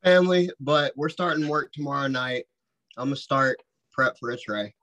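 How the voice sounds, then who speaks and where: A man who is a guest in a casual chat, explaining things in a relaxed, detailed way. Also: mid-range voice, normal speed, poor audio.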